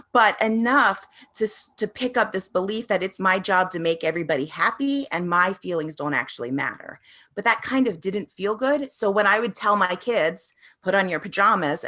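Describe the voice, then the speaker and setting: A woman's voice: fairly low pitch, sharp tone. A woman answering interview questions as a parenting coach, telling her experiences in an earnest, reflective way.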